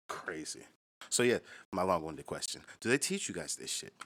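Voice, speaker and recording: American man, reaction host, deep voice, very animated, swears a lot, casual. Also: unhurried. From United States. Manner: profane, excitable, laughs often.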